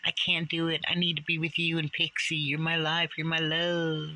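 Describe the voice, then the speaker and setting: Mocking impression of a young woman, whiny high plea from an older man doing a put-on falsetto. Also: monotone, normal speed, bright, forceful tone. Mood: pleading.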